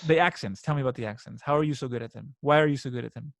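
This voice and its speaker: A man's voice: mid-range voice, rapid-fire, gravelly, no echo. A man hosting a casual interview, chatty and enthusiastic, often laughing. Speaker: podcast host.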